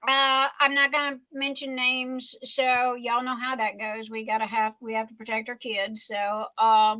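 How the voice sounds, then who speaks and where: A high, bright-voiced older woman with a drawl hosts a casual livestream chat. She gushes with emotion and stumbles over her words. The sound is dry and close. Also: level tone, normal speed, hardly any pauses, no room sound, rough recording. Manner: gushing, emotional, many restarts. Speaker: livestream host.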